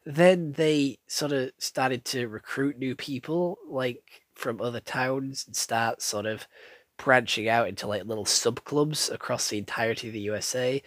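A man's voice: mid-range voice, measured pace, a bit bright, dry recording. Blunt rambling man reviewing a film. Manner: rambling, blunt, swears freely, many fillers. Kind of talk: casual spoken film review.

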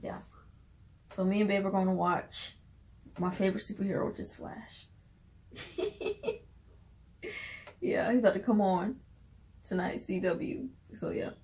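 A woman's voice: mid-range voice, measured pace, long pauses, warm tone, a little hiss or hum, poor audio. A woman with a Southern US accent, chatting in a bubbly, laughing way on a casual vlog. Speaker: vlogger and minister.

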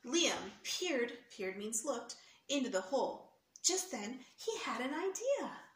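Reading a picture book aloud slowly in a high, very animated voice, a woman tells the story to kids, explaining words and pointing at the pictures. Faint hiss and an echoey room mark the recording.

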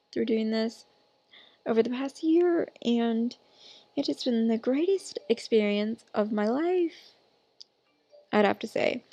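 A woman's voice: a little high, warm tone, no echo. A woman who runs a gaming channel, giving casual commentary over gameplay in a chatty, rambling way with lots of fillers and some sassy asides to her game character. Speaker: gaming YouTuber.

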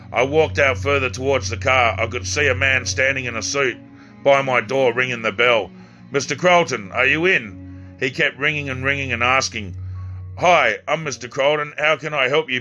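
A man's voice: mid-range voice, pushed and bright. A man reading his own first-person story aloud, plainly, with occasional slips and restarts.

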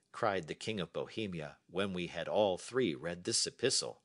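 Male narrator, low-ish and animated, clear measured story reading for learners. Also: no echo, studio quality.

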